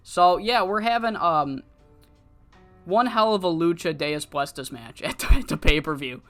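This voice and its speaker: A casual narrator recapping a wrestling management game save, rambling with frequent ums and loose swearing. The voice sits mid-pitch over faint background music. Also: moderate pace, a bit bright. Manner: rambling, profane, many fillers.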